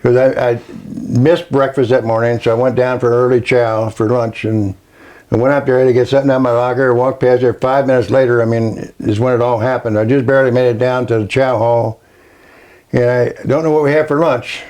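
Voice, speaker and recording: Older Kentucky man, plain halting storytelling. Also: medium pitch, fairly even intonation, a little mellow. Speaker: Navy veteran interviewee. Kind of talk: oral history interview.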